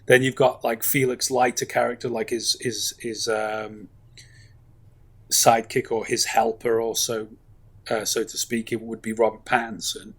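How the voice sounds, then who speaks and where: Husky, rambling man. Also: mid-range voice, little pitch movement, a little slow. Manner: rambling, enthusiastic, many fillers and asides. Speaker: podcast co-host. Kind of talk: casual film review chat.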